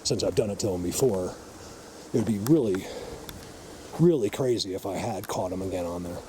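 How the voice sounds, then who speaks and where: A man's voice: low voice, moderate pace, warm tone. A man vlogging on a walk through a forest, talking emphatically and insistently to his viewers through the camera mic. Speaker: vlogger, Bigfoot field researcher. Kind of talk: walk-and-talk field vlog. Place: outdoors in a forest. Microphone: camera mic while filming. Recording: outdoor ambience, noisy, faint vehicle.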